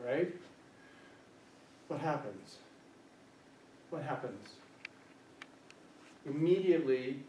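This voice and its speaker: A man's voice: medium pitch, a little mellow. A man presenting a workshop as a social worker, lecturing a small group and asking them questions as he speaks. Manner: engaging, asks the group questions; acts out quoted voices. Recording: echoey room from a distance, faint hiss.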